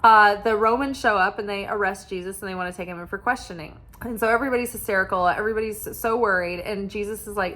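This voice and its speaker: A woman's voice: medium pitch, fast talker, few pauses, a bit bright. Casual, rambling woman tarot reader; talks with frequent fillers and self-corrections. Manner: rambling, many fillers and restarts. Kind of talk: casual spiritual chat.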